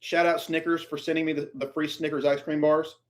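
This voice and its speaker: A man reacting live to a football draft in an exasperated, ranting way, swinging between low muttering and sudden outbursts. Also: level tone, brisk.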